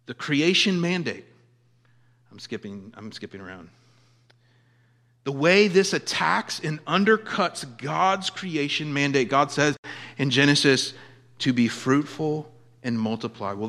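A man's voice: fairly high pitch, a little slow. Emphatic preacher man in a reverberant hall. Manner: emphatic, swinging from loud declarations to quiet asides. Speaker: pastor. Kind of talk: sermon.

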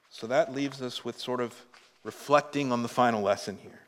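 A man preaching a sermon as a pastor, slow and emphatic, swelling in volume on key points. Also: mid-range voice, a bit bright, in a large hall.

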